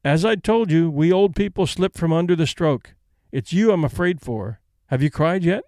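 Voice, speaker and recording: A brisk, composed elderly lady who is practical and decisive even in grief, read by a male storyteller. The voice sits a little high and sounds close and dry. It could come from an audiobook. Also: dry recording, natural voice.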